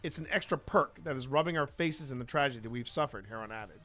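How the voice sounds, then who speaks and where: A man's voice: medium pitch, fast talker, sharp tone, soft background music. A man hosting a podcast reads out news and chats casually, rambling and restarting his sentences. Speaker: podcast host.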